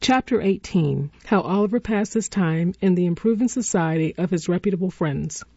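A female narrator reading a classic novel chapter aloud in a measured, even way. Her voice is low-set and mellow, recorded dry and close, with a dull, lo-fi sound. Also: slightly rough, dry recording. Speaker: audiobook narrator. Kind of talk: scripted narration.

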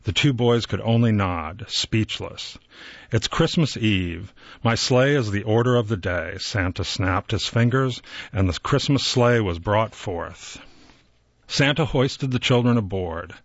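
Male storybook narrator, lower voice, dry and slightly dull recording, gently voices the characters. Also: a little slow, no room sound.

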